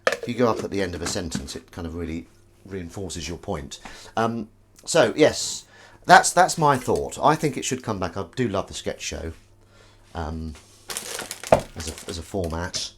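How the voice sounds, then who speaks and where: A streamer does the washing-up in his home kitchen while chatting live, reading viewers' comments in a rambling, self-deprecating way. His low voice is expressive and moderately paced, with dish clatter behind him and a little hiss or hum on the recording.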